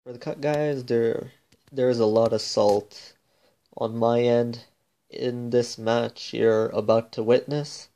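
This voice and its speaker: A young man calmly addressing viewers with a warning before a gameplay clip. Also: medium pitch, slow pace. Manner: calm, even address to viewers. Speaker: gaming YouTuber.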